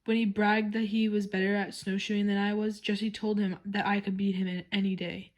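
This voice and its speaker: Lady reading a kids chapter book out loud, plain easy storytelling. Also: mid-range voice, level tone, moderate pace, rough recording. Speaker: reader.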